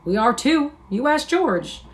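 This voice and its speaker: A woman reading aloud and voicing a big, slow, childlike man who pleads and cries out when frightened. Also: sits high, sing-song, pitched above the performer's own voice. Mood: upset, insistent. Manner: pleading, insistent, rising to cries.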